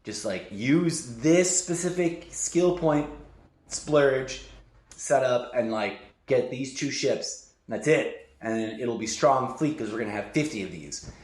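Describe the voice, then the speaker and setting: A man hosting a podcast, telling a story in casual chat to his sibling, rambling and animated, full of fillers and swearing. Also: medium pitch, slow pace. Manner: rambling and animated, heavy use of "like", swears often. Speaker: podcast host. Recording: roomy echoey raw audio.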